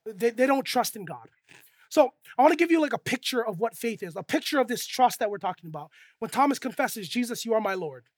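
A lively preacher gives a chatty sermon to a young crowd, checking in often with quick asides. Key points fall soft and low. The sound is dry and close, with no room around it. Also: dry recording. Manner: lively, conversational, checks in with "right?" and "okay?".

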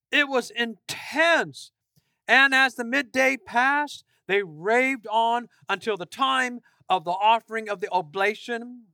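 A man preaching a sermon, telling a story with lively asides and jokes and acting out voices as he goes. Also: sits high, no room sound, clean studio sound. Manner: jokey asides.

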